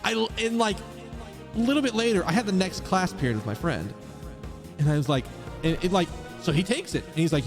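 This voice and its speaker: Rambling, animated male streamer. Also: sits high, fast, music in the background. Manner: rambling, profane, laughing. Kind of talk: casual storytelling while gaming.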